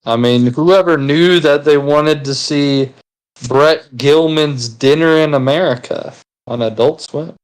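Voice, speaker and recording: A man's voice: fairly high pitch, a little slow, clean tone, poor audio. A man chatting casually with friends while gaming, rambling and teasing with casual swearing. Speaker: gaming video co-host.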